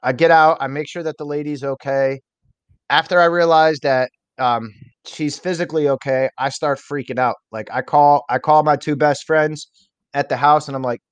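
A man's voice: medium pitch, fairly even intonation, normal speed, clean tone, no echo. Man, young adult, interview guest, rambling candid storytelling, dry close sound. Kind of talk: personal story in a podcast interview.

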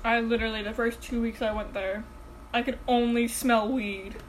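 A teenage girl co-hosting a casual podcast, rambling, deadpan and swearing freely. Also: fairly high pitch, moderate pace, a little hiss or hum, poor audio. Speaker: podcast co-host. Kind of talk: casual chat.

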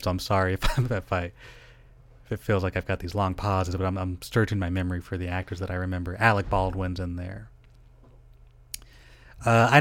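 Low-voiced rambling male podcast host. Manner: rambling, self-interrupting, swears casually. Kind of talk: solo podcast monologue.

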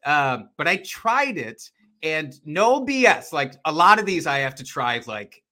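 A man with a high, slightly odd voice, chatting casually as a podcast guest and often laughing at himself. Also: sing-song, a little slow, pushed and bright. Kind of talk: casual chat.

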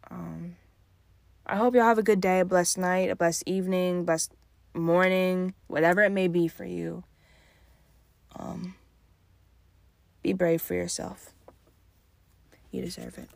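A tired young woman talking calmly and softly in a casual solo podcast, late at night at home. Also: fairly low pitch, a little slow, creaky, long pauses, dry recording. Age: young adult. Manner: calm and soft-spoken. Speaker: podcast host.

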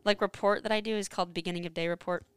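A woman's voice: mid-range voice, steady tone, racing, smooth, no room sound. A young woman chatting casually as a co-host, telling a work story with lots of "like"s. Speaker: podcast co-host. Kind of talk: casual chat.

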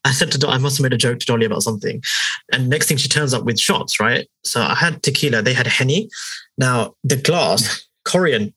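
A young man with a London accent talks fast and loose, swearing and acting out other people's voices as he tells stories. His voice is a little husky, with a middling pitch. The recording is close and dry. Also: dry recording, rough recording. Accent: London English. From England. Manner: animated, swearing, acts out voices in quotes. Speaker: podcast co-host. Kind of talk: casual storytelling chat.

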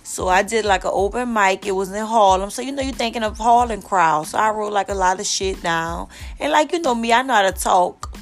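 A woman's voice: medium pitch, brisk, faint music behind. A young woman hosting a casual solo podcast from her bed, telling stories in a blunt, profane way and quoting the people in them. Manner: blunt, profane, storytelling with quoted voices. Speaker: podcast host. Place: lying in her bed at home.

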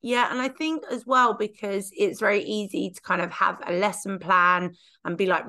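A woman with a croaky voice, hoarse from laryngitis, hosts a relaxed podcast chat. She talks in a bubbly, chatty way and pokes fun at herself. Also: mid-range voice, normal speed. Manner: bubbly, chatty, self-mocking. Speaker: podcast host.

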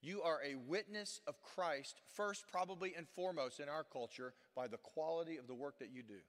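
A man preaching a sermon as pastor, emphatic and preacherly, swinging from loud rhetorical questions to hushed, earnest passages. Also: a little high, normal speed. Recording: long reverb of a church hall.

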